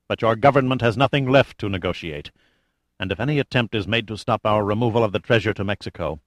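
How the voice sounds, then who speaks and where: A man's voice: on the low side, fast, dry recording, natural voice. A man playing a menacing, grandiose cult leader. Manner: cold, commanding, contemptuous.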